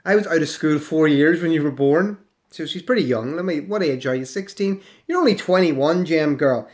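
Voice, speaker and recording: Male host, 40s, high voice, sarcastic comeback reader. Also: expressive, normal speed. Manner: sarcastic, mocking. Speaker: YouTube host. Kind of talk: reading and answering hostile comments.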